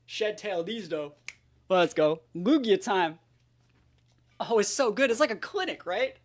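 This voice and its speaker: Man, game caster type, hyped slangy play-by-play, lively swinging pitch. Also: a little slow. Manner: hyped, slangy trash talk. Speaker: competitive game player. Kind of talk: live gameplay commentary.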